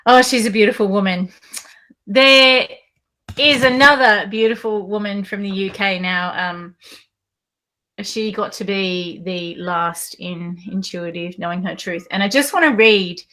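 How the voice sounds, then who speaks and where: Bright, gushing woman host. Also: medium pitch. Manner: enthusiastic, gushing. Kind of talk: interview chat.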